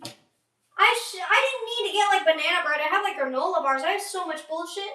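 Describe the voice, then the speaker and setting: A woman's voice: very high-pitched, animated, brisk, pushed and bright, echoey room, recorded from a distance. A young woman streaming from her kitchen, rambling and talking to herself as she cooks and eats, swearing casually. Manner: rambling, talks to herself while cooking and eating. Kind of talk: casual livestream chat.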